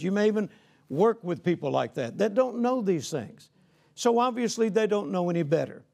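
A man's voice: high-pitched, creaky, darkish tone. A man preaching a sermon in a folksy, conversational way, often saying "you know" and calling out "Amen?" to the congregation.

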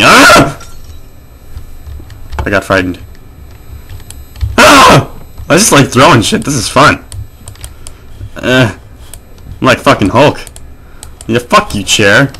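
Jumpy, swearing gaming host. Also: male voice, lowish voice. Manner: jumpy and excitable, swears, laughs and yelps. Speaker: let's play host. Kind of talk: gameplay commentary.

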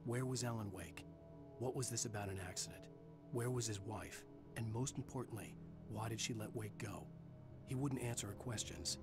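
A brooding male writer narrating his tale in a video game, as an actor voices him. His voice sits a little low and steady, and clear music plays beneath his words. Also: moderate pace, lightly acted.

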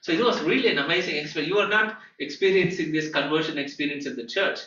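A man giving an earnest Bible-school lecture, telling a personal testimony in a halting way with pauses. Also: on the high side, pushed and bright. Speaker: guest teacher at a Bible school. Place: lecture room. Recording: echoey room, distant dull mic.

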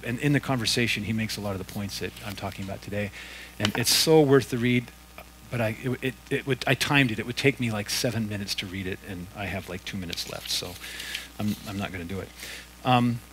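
A man's voice: lowish voice, brisk, fairly bright tone, a little hiss or hum, low-quality recording. A male pastor preaching a sermon in a church, talking casually with fillers and self-corrections.

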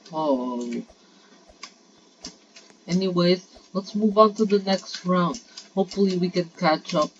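A woman giving excited, frantic gameplay commentary, urging herself on with quick repeated pleas. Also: deep voice. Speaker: gaming channel host. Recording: dull lo-fi mic with clear background noise.

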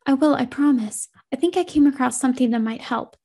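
A woman's voice: high-pitched, fairly quick, dark tone. A woman voicing an earnest, anxious teenage boy. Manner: earnest, reassuring, pleading.

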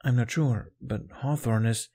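A man voicing a teenage boy who is dazed and wistful, speaking softly and hesitantly in a fan fiction reading. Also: mid-range voice, fairly even intonation, measured pace, husky, pitched above the performer's own voice. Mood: wondering. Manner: soft, hesitant speech.

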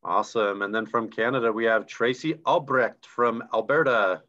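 A man's voice: mid-range voice, fairly even intonation, moderate pace, bright, forceful tone. A man co-hosting a live online recognition event, reading names and chatting enthusiastically about ranks over a video call. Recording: dull lo-fi video call audio.

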